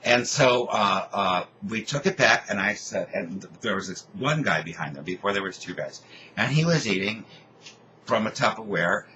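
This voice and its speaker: A man co-hosting a casual chat show, retelling a story in a rambling, animated way with many restarts. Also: lowish voice, moderate pace, slight background noise, rough recording. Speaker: podcast co-host.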